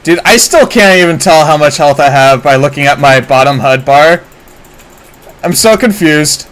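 Excitable man streaming a game. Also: on the high side, normal speed, low-quality recording. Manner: excitable, swearing, bursts of shouting and laughter. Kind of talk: live gameplay commentary.

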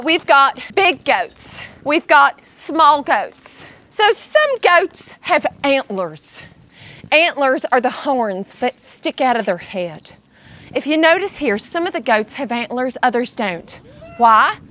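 Brief: bubbly high-voiced woman host, goofy kids' show chatter. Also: expressive, slow, fairly bright tone. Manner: goofy, chatty, talks to the animals. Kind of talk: playful educational kids' vlog. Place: outdoor animal sanctuary.

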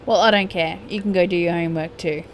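Talking at a quick pace in a lowish voice with fairly even intonation, this young YouTuber gives casual commentary on a life-sim game she's playing. She teases and scolds her characters in a playful way, and a slight hiss or hum is audible.

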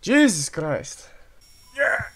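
A man's voice: high-pitched, very animated, drawn-out words, vocal fry, fairly bright tone, breathy edge, poor audio. A man hosting a game video, giving goofy, profane let's-play commentary, taunting a character and letting out sudden yelps. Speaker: gaming video host.

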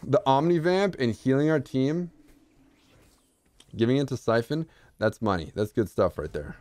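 A young man streaming live gameplay commentary, excitable, swinging from low mutters to shouts. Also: normal speed, no echo.

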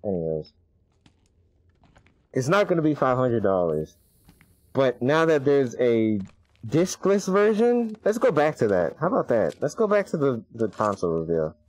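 A man streaming his live reaction to a game event, chatty and excitable and laughing often. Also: medium pitch, normal speed, dry recording, rough recording.

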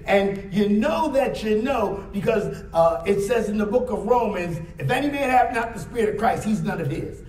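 A man delivers a sermon with a strikingly high voice, drawing his words out slowly and breaking into emphatic bursts. His voice rings through a roomy church sanctuary, picked up from a distance. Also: darkish tone. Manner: preaching with frequent "Amen?" call-outs, emphatic rises. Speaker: pastor. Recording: echoey church hall, mic at a distance.

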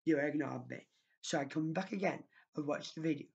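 A woman's voice: sits low, fairly quick, gravelly, slightly rough, lo-fi sound. A woman YouTuber talking straight to camera in a rambling, scolding vlog rant, recorded at home on her own microphone.

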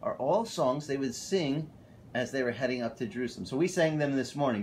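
A male pastor preaching a casual, animated sermon at a church fellowship. He often tells stories and corrects himself mid-sentence. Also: medium pitch, brisk, a little hiss or hum. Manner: animated, storytelling, self-correcting.

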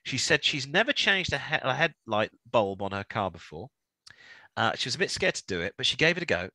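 A man's voice: mid-range voice, sing-song, a little fast, bright, forceful tone, dry recording. A man co-hosting a car podcast in a casual, jokey, rambling chat. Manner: chatty, jokey, rambling with restarts. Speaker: podcast co-host.

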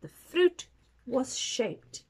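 A woman reading a children's picture book aloud, expressive and adding asides for young listeners. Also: high-pitched, drawn-out words. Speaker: storytime reader.

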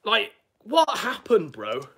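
A male commentator with a husky voice whose pitch swings up and down as he mocks his target. His talk is crude and profane, with a sneering, taunting tone. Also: wildly swooping pitch, takes it slowly, a bit bright. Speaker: online commentator.

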